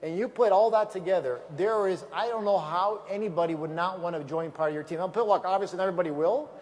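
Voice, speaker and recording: A man giving an energetic motivational speech at a sales event, emphatic and repetitive, telling stories from a stage microphone. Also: sits high, quick pace.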